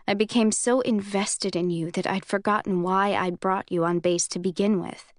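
A woman voicing a self-assured young male commander in an audiobook reading, speaking in a calm, amused drawl. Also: mid-range voice, normal speed, dry recording, clean studio sound, lightly acted. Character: young man, cool, teasing, self-assured military commander.

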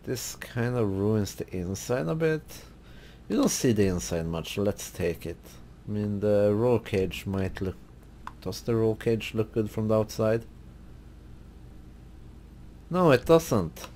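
A man hosting a gaming video, relaxed and thinking aloud as he browses car parts in casual commentary. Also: on the low side, takes it slowly, pauses often, a little hiss or hum. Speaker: gaming channel host.

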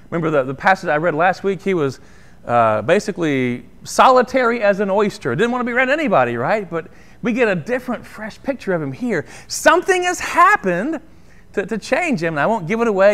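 High, lively male pastor preaching. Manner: conversational, asks "right?" often. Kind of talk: sermon.

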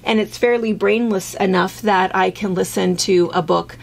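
A woman's voice: medium pitch, fairly even intonation, normal speed, vocal fry. A woman hosting a casual chat, talking in a rambling way with restarts. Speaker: host. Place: fabric shop.

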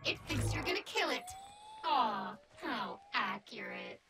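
Deadpan female ship computer, sarcastic, game voice, pitch a bit high, loud music behind. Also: a little slow. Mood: dry, sarcastic. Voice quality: dry, deadpan.

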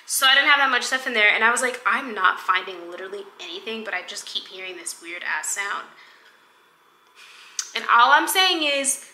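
A woman with an expressive, mid-range voice, pushed and bright, speaks at normal speed as she playfully rambles through making tea for her lifestyle vlog. She's indoors in her home kitchen, where music plays and the room echoes. A little hiss or hum sits under the recording.

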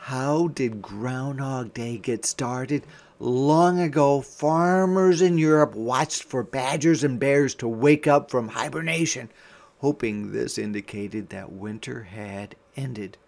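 A male teacher reads a picture book aloud to young children. He pauses to quiz them and answers his own prompts. He speaks slowly in a creaky, gravelly voice of ordinary pitch. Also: darkish tone.

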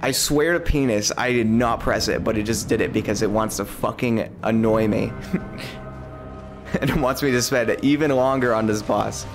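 A young man streaming gameplay, commenting live with lots of swearing and sudden high-pitched outbursts of frustration. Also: normal speed, music in the background. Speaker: game streamer.

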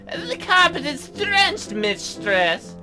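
A woman's voice: very high-pitched, big pitch swings, slow, over music, pitched above the performer's own voice, full character voice. A woman voicing a patient, obedient young male butler who speaks politely and grumbles mildly. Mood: dutiful. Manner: polite, dutiful, mildly complaining. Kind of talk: let's play character voice.

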